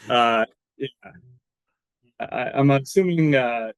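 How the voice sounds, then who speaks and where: A man's voice: medium pitch, takes it slowly, smooth, no echo, rough recording. A man, a former college football lineman, casually telling rambling stories as a podcast guest and laughing between anecdotes. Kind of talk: casual storytelling.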